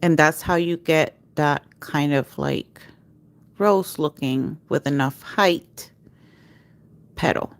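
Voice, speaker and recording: Speaking slowly in a low voice on a dry recording, a woman runs a live nail art class as a livestream tutorial. Her instructions come patiently, step by step, punctuated by cue words she chants over and over as she works.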